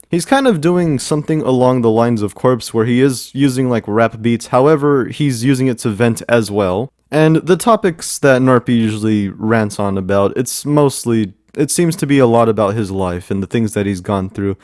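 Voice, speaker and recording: A man reviews music in a casual, rambling way, often repeating himself and leaning on fillers. His voice sits at a middle pitch and sounds dry and close, with no room echo. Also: moderate pace, few pauses, darkish tone. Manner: rambling, with many repeats and "you know" fillers. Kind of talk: casual commentary.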